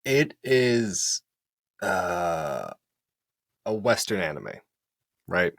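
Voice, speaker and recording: A man's voice: low-pitched, very slow, vocal fry, no echo, studio quality. A man co-hosting a podcast, chatting animatedly and acting out quotes. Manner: animated, quotes people in put-on voices, laughs. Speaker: podcast co-host. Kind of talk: casual chat.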